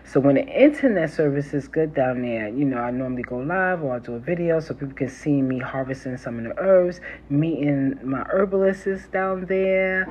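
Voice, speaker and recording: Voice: mid-range voice, darkish tone, slightly rough. A herbalist from New York with a New York accent, chatting casually on a phone live stream, laughing often and calling the viewers y'all. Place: city home near a train line. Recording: slightly muffled with faint city noise. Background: faint trains and street sounds.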